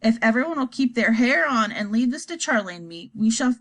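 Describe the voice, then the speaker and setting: Brief: eccentric chirpy candy-maker man, voiced by a woman, theatrical, bouncy pitch. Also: animated, fairly bright tone. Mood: breezy. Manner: brisk, theatrical.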